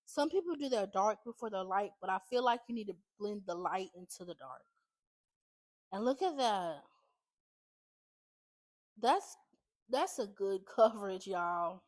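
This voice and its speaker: A woman's voice: mid-range voice, animated, measured pace, pauses often, darkish tone, no echo. A woman beauty vlogger talking casually through a makeup tutorial, chatty and constantly addressing her viewers as y'all.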